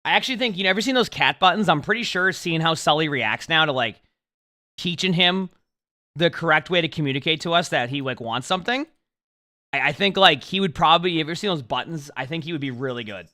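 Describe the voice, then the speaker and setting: A man's voice: a little high, animated, quick pace, pushed and bright. A young man streaming, chatting casually with viewers in a rambling way full of restarts. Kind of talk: casual livestream chat.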